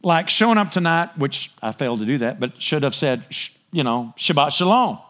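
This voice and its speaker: A man preaching a sermon in a conversational way, often asking his listeners for agreement and clearing his throat. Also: medium pitch, lively intonation, moderate pace, fairly bright tone. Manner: conversational, asks the congregation for agreement. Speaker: pastor.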